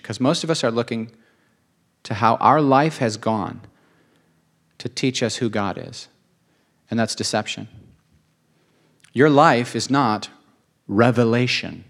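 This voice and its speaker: A man preaching a sermon, earnest and emotional, repeating phrases for emphasis. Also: medium pitch.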